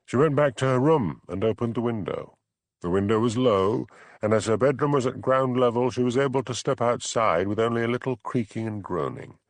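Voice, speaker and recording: A man reading an audiobook in a measured, even storytelling manner. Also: medium pitch, dry recording. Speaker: audiobook narrator. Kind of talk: scripted narration.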